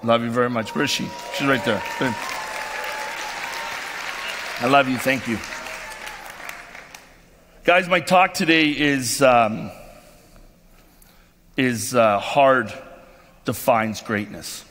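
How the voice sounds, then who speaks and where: A man's voice: medium pitch, slow, long pauses, a bit bright, a faint crowd, a little hiss or hum. A man giving an emotional, effusive motivational speech as keynote speaker at a company convention, with frequent ums and restarts. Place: convention stage in a large hall. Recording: long hall reverb from a convention stage.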